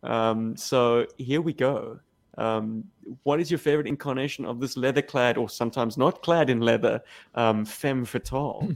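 A man's voice: medium pitch, normal speed, creaky. Playful man co-hosting a podcast. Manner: playful, animated, laughs between words. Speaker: podcast co-host. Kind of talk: casual chat.

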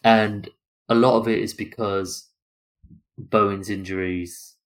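Low-voiced chatty podcast co-host man. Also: fairly even intonation. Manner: chatty, lists possibilities in quick runs. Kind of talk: casual football chat.

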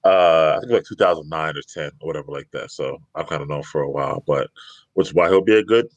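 An easygoing male co-host with a deep low voice, chiming in with quick agreements and laughs. The sound is close and dry. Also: no echo, lo-fi sound. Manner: agreeable, laughs often, short backchannels. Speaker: podcast co-host. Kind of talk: casual chat.

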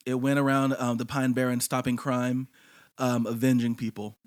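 A man's voice: mid-range voice, level tone, normal speed. A man co-hosting a casual podcast chat, telling a folk legend with jokes and laughter. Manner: jokey, laughing storyteller. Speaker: podcast co-host.

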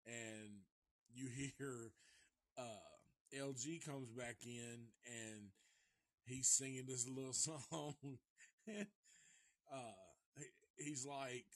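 A man casually recapping a movie live, rambling and profane, and chuckling often as he goes. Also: mid-range voice. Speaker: movie reviewer.

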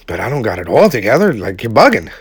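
A man's voice: fairly low pitch, wildly swooping pitch, quick pace, husky, dry recording, studio quality. A man giving a heartfelt, casual motivational talk to his viewers, using slang and emphatic repetition. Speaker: vlogger speaking to his audience.

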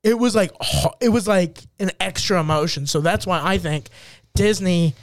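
A man co-hosting a comedy podcast, telling stories in animated, profane banter. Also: high-pitched, normal speed, no room sound, clean studio sound. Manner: animated, profane, acts out scenes in goofy voices. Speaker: podcast co-host.

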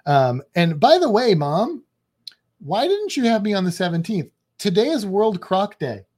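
A man's voice: sits high, sing-song, measured pace, a little mellow. A man co-hosting a podcast live stream, chatting casually, joking and reading out viewer comments. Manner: chatty, jokey, reads chat comments aloud. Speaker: podcast co-host.

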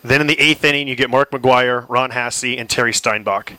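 Casting note: male host with a bright, tense tone, dry close sound. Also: mid-range voice, fairly even intonation, normal speed, no room sound, low-quality recording. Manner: sets up the story, recaps plays. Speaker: interviewer, host. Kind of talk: interview questions.

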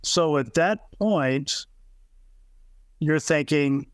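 A man with a somewhat raised pitch hosts a podcast interview, asking short, calm questions. His voice sounds close and dry. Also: extremely slow, clear, resonant tone, no room sound.

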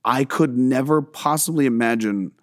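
A man's voice: mid-range voice, moderate pace, dry recording, studio quality. A man guest on a podcast, talking about filmmaking in a rambling, self-deprecating way, swearing often and restarting his sentences. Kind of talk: casual podcast interview.

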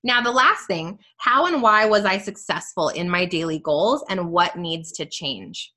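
A woman's voice: fairly low pitch, lively intonation, unhurried, sharp tone. A woman in her thirties hosting a live tutorial, chatty and upbeat as she encourages her listeners. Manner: chatty and upbeat, full of "like" and "you guys". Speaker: host teaching a faith journal.

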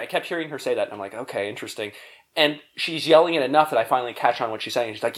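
A young man telling a long comic story in a casual podcast chat, animated and quick to laugh. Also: medium pitch.

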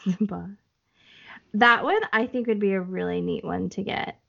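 Gravelly-voiced chatty woman podcaster. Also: medium pitch, moderate pace, a bit bright, highs cut off. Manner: chatty, trails off and restarts, laughs easily. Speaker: podcast co-host. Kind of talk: casual chat.

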